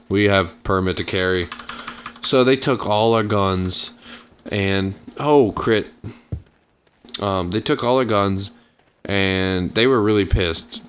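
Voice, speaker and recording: A man with a lowish voice spins a meandering anecdote while playing a game. He piles on fillers and restarts and mimics the people in his story, and a faint background hum sits under the recording. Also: a bit bright. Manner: rambling, filler-heavy, acts out quotes. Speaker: gaming channel host. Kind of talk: casual storytelling over gameplay.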